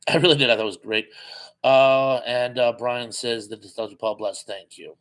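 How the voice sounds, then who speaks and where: A man hosting a live chat, reading out viewer comments and answering them with easy, rambling chatter. His voice is wearing thin and going hoarse. He sits at a middling pitch and fills his pauses with "uh.". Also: steady tone, a bit bright. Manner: reads viewer comments aloud and responds, chatty with frequent "uh". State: losing his voice.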